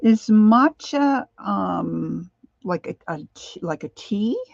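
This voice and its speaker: A woman's voice: mid-range voice, lively intonation, takes it slowly, vocal fry, darkish tone, no room sound, highs cut off. An older woman hosting a crafting livestream, chatting casually and greeting viewers by name as she works.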